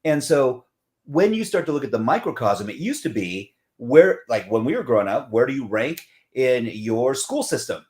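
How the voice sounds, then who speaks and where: A man's voice: mid-range voice, moderate pace. A middle-aged man from Southern California, talking as a guest in a casual conversation, telling stories and acting out other people's voices. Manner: animated storyteller who acts out others in voices.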